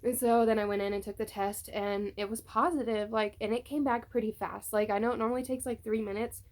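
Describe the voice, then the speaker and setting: A woman's voice: a little high, steady tone, fairly quick. A young woman chatting casually to her phone camera at home, telling a personal story with many fillers. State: tearful at times. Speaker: vlogger. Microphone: phone on a tripod.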